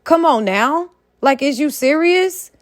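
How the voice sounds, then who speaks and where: High-pitched woman ranting, dry sound. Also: expressive, slow, no echo. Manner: heated, profane, scolding. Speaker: commentary vlogger. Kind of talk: opinion rant.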